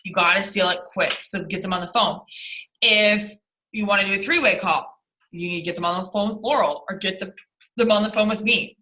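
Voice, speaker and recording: An upbeat woman coaching her team over a video call. Her voice is bright and forceful, and her pitch sits in a middle range. She drives each point home by saying it again. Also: a little fast, a little hiss or hum, poor audio. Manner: upbeat, repeats phrases for emphasis. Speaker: team leader.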